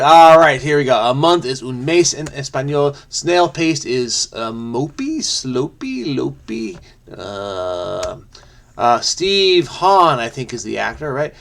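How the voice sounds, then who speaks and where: A man's voice: fairly high pitch, fairly bright tone. A man, solving a crossword and thinking aloud in a frenetic, chatty way, muttering guesses and correcting himself. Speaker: crossword solver host.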